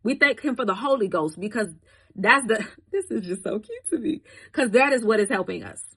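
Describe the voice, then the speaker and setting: A woman's voice: a little high, big pitch swings, fairly quick, fairly bright tone, slightly rough, low-quality recording. Preachy woman talking to camera. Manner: preachy, conversational, rises into emphatic exhortation. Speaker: Christian content creator. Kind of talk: casual faith commentary to camera.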